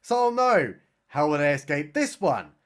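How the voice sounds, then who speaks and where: A man's voice: a little high, very animated, a bit bright. A man giving a sarcastic, mocking comedic recap of a film. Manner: sarcastic, mocking, does quick voices for characters. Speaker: film reviewer.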